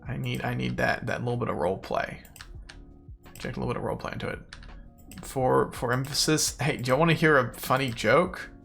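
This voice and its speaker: A man's voice: medium pitch, a little fast, vocal fry, a bit bright. A young man streaming a game, chatting casually and rambling playfully with meme phrases while he plays. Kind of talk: casual gaming stream chat. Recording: faint music behind.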